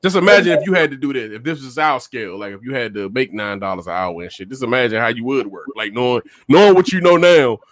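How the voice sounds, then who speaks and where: A man's voice: medium pitch, lively intonation, quick pace, hardly any pauses, a bit bright, dry recording. A man in a casual podcast discussion, talking loosely in slang with lots of stammered restarts.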